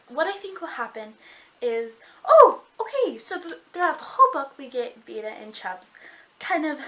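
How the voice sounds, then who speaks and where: A woman's voice: a little high, sharp tone, a little hiss or hum, rough recording. A young woman reviewing a book on camera, gushing and dramatic, rambling with lots of fillers. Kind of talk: excited casual book review.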